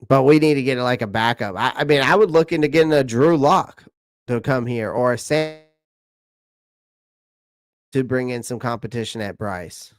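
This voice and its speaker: A man's voice: medium pitch, normal speed, long pauses, no echo, studio quality. A man from South Carolina, hosting a casual live stream, reading out viewer comments and answering them in a chatty way that repeats his points. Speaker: channel host answering live chat.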